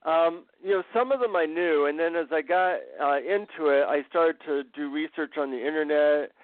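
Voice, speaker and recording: A man's voice: on the high side, normal speed, no echo. Man telling stories over a phone line. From America. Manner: relaxed anecdotal storytelling. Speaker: guest author. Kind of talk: casual interview.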